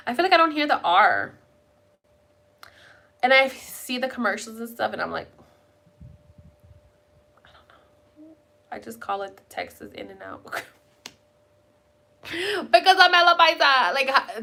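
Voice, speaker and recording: A young woman talks casually to her live viewers from home. Her voice is bright and sits a little high. She rambles from one thought to the next and swears offhandedly. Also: sing-song, moderate pace, pauses often. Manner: rambling, chatty, casually profane. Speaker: live streamer chatting with viewers. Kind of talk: casual chat.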